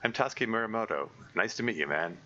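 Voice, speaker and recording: A man voicing a friendly middle-aged alcoholic dad in a visual novel, speaking in a low, easygoing way. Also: expressive, quick pace, sharp tone, muffled recording, a little hiss or hum.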